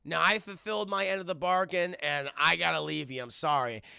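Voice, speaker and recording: A man doing a smug she-cat from a cartoon, curt and dismissive. The voice is gravelly with fry and is recorded dry. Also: a little high, steady tone, fairly quick, bright, forceful tone, no room sound, exaggerated voice. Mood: aloof.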